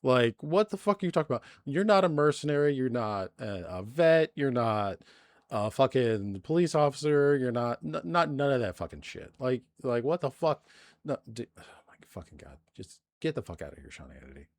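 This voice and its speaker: A man's voice: mid-range voice, sing-song, moderate pace, dry recording. A male-sounding streamer ranting through live news commentary, exasperated and heavily profane, in a loose, conversational way with plenty of fillers. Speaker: livestreamer.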